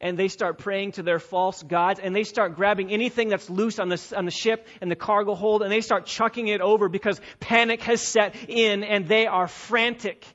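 A man preaching an expository sermon, emphatic and repetitive, swinging between loud and quiet. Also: high-pitched, steady tone, normal speed, few pauses, lo-fi sound.

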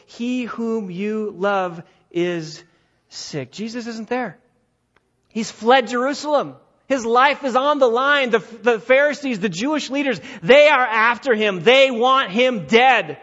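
A man preaching a sermon, repeating phrases for emphasis and swinging between loud build-ups and hushed, quiet drops. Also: high-pitched, highs cut off. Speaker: pastor.

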